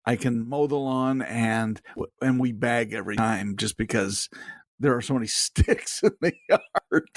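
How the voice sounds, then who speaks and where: A man co-hosting a casual podcast chat, jokey and quick to laugh, often stumbling and restarting as he talks. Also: mid-range voice, dry recording, clean studio sound. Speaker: podcast co-host.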